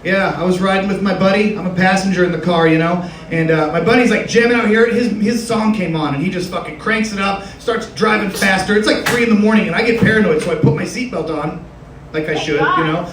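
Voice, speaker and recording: A man's voice: high-pitched, fairly quick, a bit bright, slight background noise. A young man doing a rambling, crude stand-up comedy set on a club stage, swearing freely with a loose, conversational delivery. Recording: roomy live club sound from a distance. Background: audience laughter.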